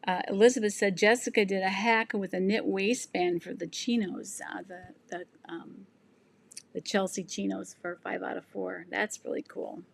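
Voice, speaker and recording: Hoarse woman chatting on a sewing livestream. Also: mid-range voice, steady tone, moderate pace. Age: 60s. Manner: rambling, with many ums and restarts. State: losing her voice. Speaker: sewing channel host. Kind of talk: casual livestream chat reading comments.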